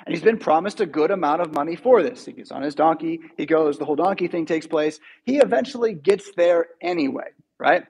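A man's voice: fairly high pitch, brisk, hardly any pauses, a little mellow, slight background noise. A man preaching a sermon in a church, telling stories in a casual, conversational way. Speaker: pastor.

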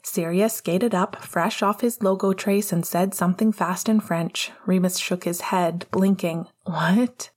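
A woman narrating a fan-fiction audiobook with steady storytelling, giving the dialogue small character voices. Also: fairly low pitch, measured pace, few pauses.

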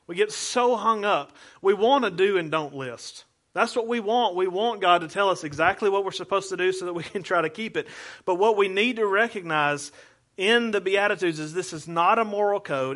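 Man preaching a sermon, bright voice, slightly high, earnest, conversational, rhetorical questions. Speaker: pastor.

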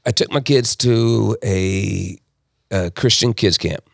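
A man from South Texas, telling his personal story as a podcast guest in an emphatic, animated way. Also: fairly low pitch, takes it slowly, gravelly, dry recording, clean studio sound.

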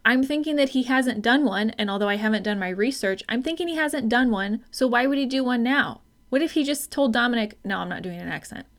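A woman's voice: a little high, a little fast, hardly any pauses, a bit bright. A woman co-hosting a casual film review podcast, wry and irritated, swearing often. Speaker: podcast co-host.

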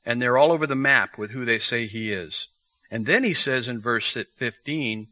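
A man's voice: medium pitch, moderate pace, bright, forceful tone, dry recording, poor audio. A man preaching an expository sermon, teaching verse by verse and reading scripture aloud.

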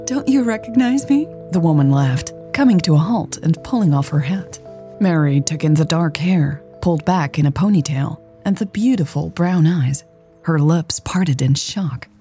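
A woman calmly narrating a romance story as a scripted audiobook reading. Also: deep voice.

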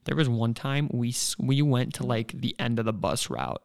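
Young man, smooth clear voice, laid-back banter. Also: medium pitch, big pitch swings, moderate pace, darkish tone. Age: young adult. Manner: laid-back, chimes in with agreement and slang. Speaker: podcast co-host. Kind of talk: casual chat.

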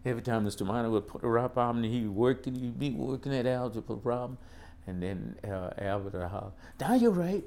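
An older man from the South, recounting school memories as an animated storyteller who keeps saying "boy" and "man". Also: medium pitch, brisk, vocal fry. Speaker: interviewee recalling school days. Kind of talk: casual storytelling interview.

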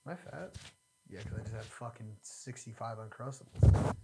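A young man hosting a podcast, telling crude, self-mocking stories in a casual way and swinging between loud and quiet. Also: lowish voice, normal speed, very noisy. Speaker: podcast host. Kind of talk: casual storytelling.

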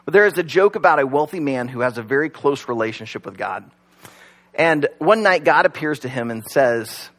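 A man's voice: medium pitch, animated, moderate pace, fairly bright tone. A man preaching a sermon in a conversational, joking way, full of "like" and "you know", at a church service that is also streamed online. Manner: conversational, joking, many fillers. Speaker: pastor.

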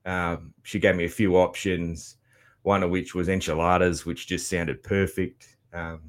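Deep-voiced rambling Australian man. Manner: rambling, swears freely, many ums and restarts; loud, chatty. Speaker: vlogger. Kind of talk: casual travel recap.

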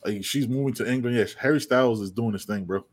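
A man from the United States co-hosting a casual sports podcast, rambling and animated, swearing freely. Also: medium pitch, quick pace. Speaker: podcast co-host.

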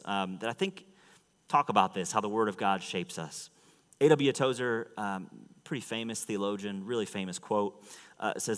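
A man preaching a sermon to a church, rising to loud, high fervent stretches and dropping to quiet asides. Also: normal speed. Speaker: pastor. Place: church sanctuary. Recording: long hall reverb.

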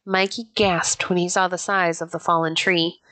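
A woman narrating a children's pioneer story in a clear, even, unhurried storybook reading. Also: lowish voice. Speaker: audiobook narrator.

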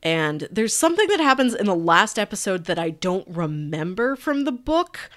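A woman podcast co-host casually recapping a TV show, chatty and animated, laughing often. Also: medium pitch, moderate pace.

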